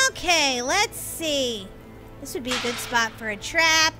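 A woman's voice: high voice, normal speed. A woman playing a game as the villain, chatting playfully, giggling and teasing in a mock-evil way. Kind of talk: playful let's-play chatter. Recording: game music underneath.

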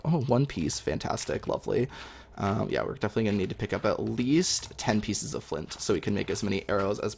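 A young man talking through his game as he plays, chatty and excitable, with lots of ums. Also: fairly low pitch, gravelly. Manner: excitable, chatty, many fillers. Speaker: gaming video host. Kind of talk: live gameplay commentary.

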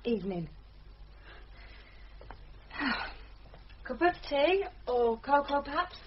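An actress playing a restless young village wife, guarded and falsely polite. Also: female voice, high-pitched, very animated, takes it slowly, muffled recording, background noise, heavily acted.

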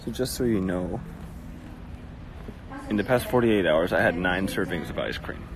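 A man's voice: deep voice, normal speed, a crowd in the background. A man hosting a casual phone livestream, rambling and joking as he greets viewers in a cafe. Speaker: livestream host. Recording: noisy phone livestream audio.

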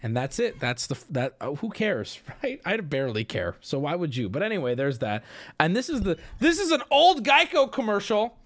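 A man hosting a stream, casually riffing and joking about clips with sudden loud outbursts. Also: sits high, wildly swooping pitch, normal speed, no room sound. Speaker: streamer host.

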